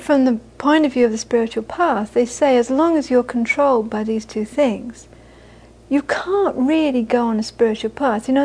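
A woman's voice: high voice, darkish tone, rough recording. A woman, a Buddhist teacher, giving a dharma talk to a live audience with anecdotes, frequent laughter and repeated phrases for emphasis.

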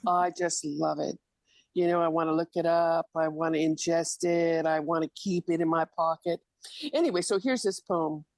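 A woman poet reading her poems aloud and chatting about words in an expressive way. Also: low-pitched, moderate pace, no echo, poor audio. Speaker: guest poet. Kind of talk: poetry reading and chat.

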